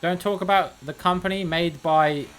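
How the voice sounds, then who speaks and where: A man's voice: high voice, fairly even intonation, normal speed, a bit bright, slight background noise. A man streaming live, giving casual, joking commentary while he plays, with rambling sarcastic asides.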